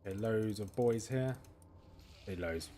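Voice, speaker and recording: This gaming streamer has a fairly low, mellow voice and a measured pace. He chats casually while he plays, thinking out loud and answering questions from viewers.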